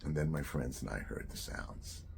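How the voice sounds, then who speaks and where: Deep gravelly older man recalling memories. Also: a little mellow, a little hiss or hum. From United States. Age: 60s. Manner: reflective, halting, with self-corrections. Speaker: author and storyteller. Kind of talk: recounting a personal memoir.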